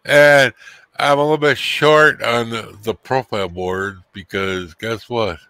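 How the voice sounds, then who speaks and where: An easygoing man chats as a guest on a livestream, taking his time with every phrase. His voice is bright and tense, recorded dry and close. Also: mid-range voice, steady tone, a little slow, clear, resonant tone, no room sound. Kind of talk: casual chat.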